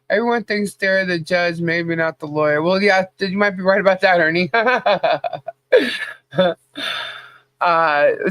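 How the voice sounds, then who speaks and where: A woman's voice: low voice, a bit bright, no echo. A woman co-hosting a casual livestream podcast, chatty, laughing often and greeting viewers by name. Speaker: podcast co-host.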